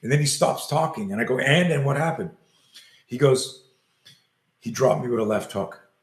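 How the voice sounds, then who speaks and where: A man's voice: medium pitch, moderate pace. An older man, a self-defense coach, tells a long story in an interview and acts out the quoted lines as he goes. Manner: animated storyteller acting out quoted dialogue. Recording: roomy echo.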